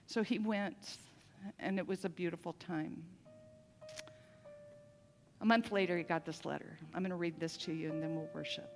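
A woman preaches to her congregation, shifting between teaching points and a personal story told in an easy, conversational way. Her voice carries the long reverb of a large church sanctuary. Soft band music sits faintly behind her. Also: medium pitch, moderate pace, pauses often. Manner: warm storytelling, conversational asides. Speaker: pastor. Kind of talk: sermon.

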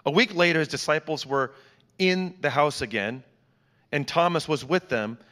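A man's voice: a little high, normal speed, bright, forceful tone, in a large hall. A man reads scripture aloud in church in an earnest, dramatic way and adds small asides. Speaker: scripture reader.

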